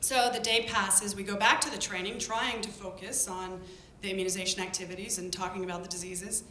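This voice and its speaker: Woman telling a story on stage, animated, roomy echo, faint low rumble under it. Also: a little fast. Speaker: public health worker telling a story. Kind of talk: storytelling talk to an audience. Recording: echoey room with faint rumble.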